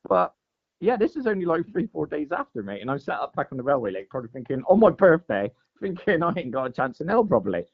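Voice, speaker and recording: A man's voice: a little high, sing-song, fast, creaky, breathy edge. A man telling a long fishing story in casual chat, saying "mate" and "like" all the time. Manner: chatty, says "mate" and "like" constantly. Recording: dull lo-fi sound.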